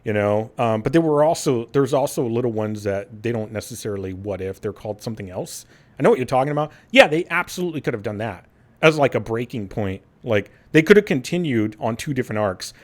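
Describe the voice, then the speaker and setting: A man's voice: mid-range voice, lively intonation, fast talker. A man hosting a gaming podcast in casual chat. He laughs often and acts out quotes in silly voices. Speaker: podcast host.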